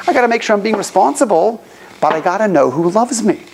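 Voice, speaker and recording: Man teaching a class, animated storyteller, faint room hiss. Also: high voice, fast, vocal fry. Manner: animated storyteller, acts out quoted voices. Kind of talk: storytelling lecture. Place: classroom opposite the Western Wall.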